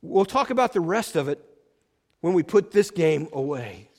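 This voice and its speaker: A man voicing a calm, quietly encouraging male assistant football coach. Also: fairly high pitch, moderate pace.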